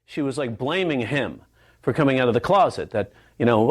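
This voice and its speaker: A man's voice: mid-range voice, animated, fairly quick. A male comedian talking casually and explaining his view in a reflective way. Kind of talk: casual talk.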